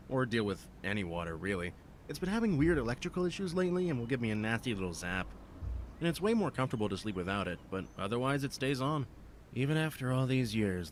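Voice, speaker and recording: An actor voicing a blunt, matter-of-fact former firefighter in a video game. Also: male voice, mid-range voice, a little hiss or hum, close to an everyday voice. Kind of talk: game voice acting.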